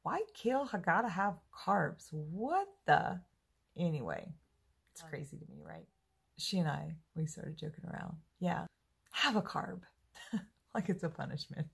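Gravelly low-voiced woman chatting slowly. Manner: chatty, upbeat, self-deprecating. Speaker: vlogger. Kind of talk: casual diary vlog.

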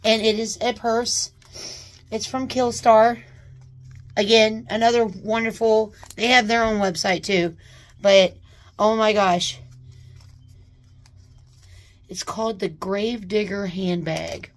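A woman chatting casually as she unboxes a new purse, gushing with excited exclamations. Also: mid-range voice, slow pace, long pauses. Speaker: unboxing vlogger. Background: paper crinkling.

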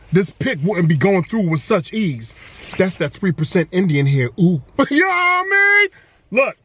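Energetic male vlogger, high bright voice, playful slang. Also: no room sound. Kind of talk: casual hype vlog talk.

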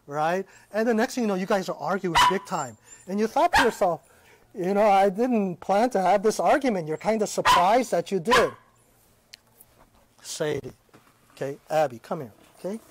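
A man's voice: high voice, very noisy. A man giving a casual live-streamed Bible lesson, preaching in a conversational way and often checking in with "okay?". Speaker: Christian teacher.

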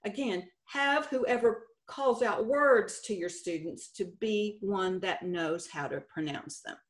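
A woman's voice: mid-range voice, slow. A middle-aged woman with a Texan accent, a state contest director giving a folksy, lightly humorous conference presentation. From Texas.

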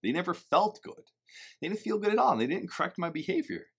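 Husky-voiced man talking candidly on parenting. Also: high voice, a little fast. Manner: animated and candid, swings to loud emphatic bursts; occasional swearing. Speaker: parenting vlogger. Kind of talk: casual reflective talk to camera.

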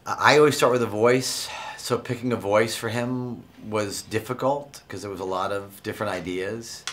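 A man talking as an actor and interview guest, relaxed and wry in casual conversation. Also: on the low side, moderate pace.

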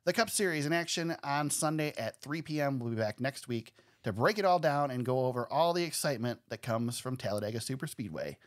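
A man hosting a podcast in casual chat, easygoing and quick to laugh. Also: mid-range voice, lively intonation. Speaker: podcast host.

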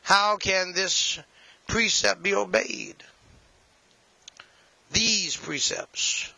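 Gravelly, bright-voiced male preacher. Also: sits high, very slow, no room sound, rough recording. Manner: emphatic, repetitive preaching with folksy asides. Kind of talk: sermon.

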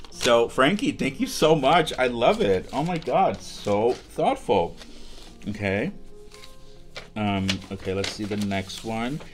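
A young man chats through an unboxing vlog in a gushing, excitable way, full of ums and restarts. His pitch sits right in the middle for a man. Soft music plays faintly underneath. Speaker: vlogger.

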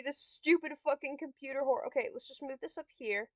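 A woman's voice: high voice, brisk, dry recording. A young woman giving casual gameplay commentary, swearing and snapping frustrated insults at a computer opponent. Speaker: gamer vlogger.

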